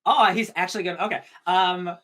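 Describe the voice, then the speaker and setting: A man's voice: high voice, fairly even intonation, fairly quick, sharp tone. A man co-hosting a podcast, chatting casually about a movie and agreeing often. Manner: easygoing, agreeable, frequent yeahs. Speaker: podcast co-host. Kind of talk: casual chat.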